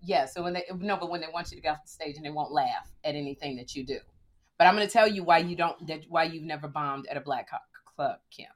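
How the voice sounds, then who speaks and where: A middle-aged woman comedian, chatting casually and telling stories in a lively, joking way. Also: low voice, fast. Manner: animated storyteller, lively and joking. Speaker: stand-up comedian. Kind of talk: casual podcast chat.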